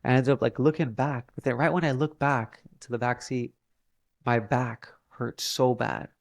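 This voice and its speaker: A man's voice: mid-range voice, steady tone, moderate pace, creaky, no echo, clean studio sound. A young man telling a personal story in a casual, earnest way, often saying "like" as a filler. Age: young adult. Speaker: podcast guest.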